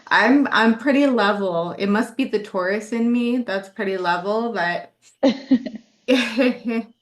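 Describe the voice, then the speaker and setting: A woman's voice: a little high, unhurried. A woman hosting a heartfelt chat, talking in an effusive, affectionate way and repeating loving words. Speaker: host. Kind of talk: emotional casual chat.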